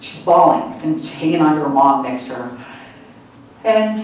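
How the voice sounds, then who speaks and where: A woman speaker at a conference, telling an animated story and mimicking people in high squeaky voices, laughing often. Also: normal speed, pauses often. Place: conference hall. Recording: echoey hall, mic far off, faint room hum.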